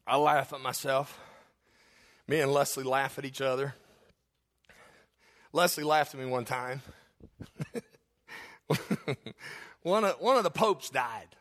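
A man's voice: medium pitch, slow, long pauses. A man preaching, telling funny stories from the pulpit and laughing often at himself. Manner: laughs often at his own stories, animated. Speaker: pastor. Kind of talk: humorous sermon storytelling.

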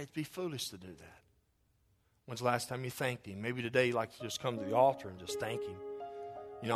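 A male pastor delivers a sermon in a church, his voice sitting at an ordinary middle pitch. He preaches fervently, driving points home by repeating phrases in a steady rhythm. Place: church sanctuary.

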